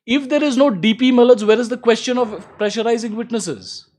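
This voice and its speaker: A man's voice: fairly quick, darkish tone. A man, an advocate replying to opposing counsel in court, formal and emphatic, with "my lords" threaded through his argument. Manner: formal and emphatic, repeats "my lords", rises in pitch to stress points.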